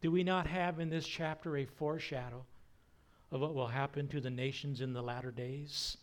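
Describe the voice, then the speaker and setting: A man preaching a sermon, emphatic, swinging between raised acted-out quotes and hushed near whispers. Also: fairly even intonation. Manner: slow, emphatic delivery with wide swings in pitch and loudness. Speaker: pastor.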